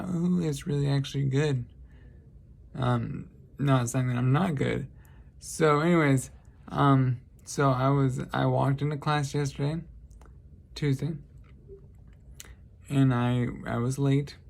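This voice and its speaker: A man's voice: medium pitch, steady tone, takes it slowly, vocal fry, pauses often, a little mellow. A man vlogging, telling casual stories in a rambling, lighthearted way and often correcting himself. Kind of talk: casual storytelling monologue.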